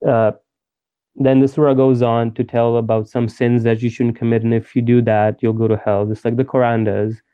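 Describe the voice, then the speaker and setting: A man hosting a casual podcast chat, explaining at length with hesitant pauses. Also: medium pitch, clear, resonant tone. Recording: dull lo-fi audio.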